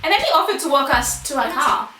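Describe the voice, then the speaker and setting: Lively high-voiced young woman. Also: fast talker. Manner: lively, chimes in and echoes her sister. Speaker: vlogger. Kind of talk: casual storytelling with her twin. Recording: echoey room, mic at a distance. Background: music under the talk.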